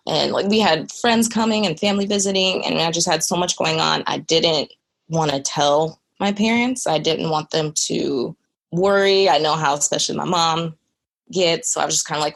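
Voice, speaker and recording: A woman's voice: low voice, moderate pace, creaky. A young woman who is a podcast guest, telling a personal story in a candid, earnest way with lots of conversational fillers.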